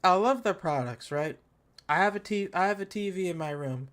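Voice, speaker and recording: A man's voice: high-pitched, expressive, normal speed, fairly bright tone. A man hosting a tech channel, giving live commentary on a product event in a casual, slangy, joking rant and talking to his chat. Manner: ranting, joking, exaggerated mockery.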